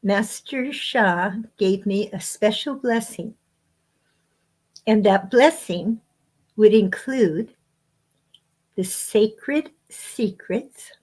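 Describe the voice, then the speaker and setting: A woman speaks as a guest author on spiritual matters. She talks in an unhurried, measured way, pausing between short phrases. Her pitch sits in an ordinary middle range. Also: darkish tone. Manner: slow, measured phrasing with frequent pauses. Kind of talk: spiritual teaching talk.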